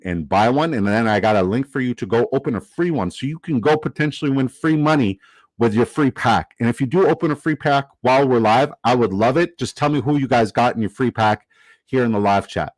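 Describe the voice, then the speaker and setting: A man hosting a live stream, upbeat and chatty, swearing casually and giving shout-outs. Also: mid-range voice, no room sound, rough recording. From Canada. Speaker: livestream host. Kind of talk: casual livestream commentary.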